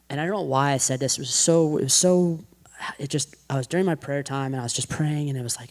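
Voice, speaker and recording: A man in his thirties tells his own faith story in a relaxed, conversational way. He leans on "like" constantly and slips into the voices of the people in his story. His pitch sits in the middle for a man. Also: a little fast. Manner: casual, heavy use of "like", acts out quotes. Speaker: podcast guest. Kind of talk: personal testimony.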